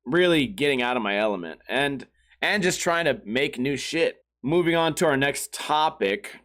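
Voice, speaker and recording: A man's voice: on the low side, fairly bright tone. A man hosting his own podcast, telling a long, rambling, profane story in a casual way and acting out the quoted voices. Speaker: podcast host.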